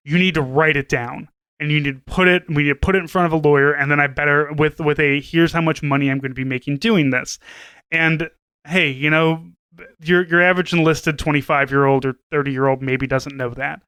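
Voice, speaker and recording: A man's voice: a little high, steady tone, brisk, a bit bright, clean tone, no room sound. A man co-hosting a podcast in casual chat, retelling a news story conversationally. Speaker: podcast co-host.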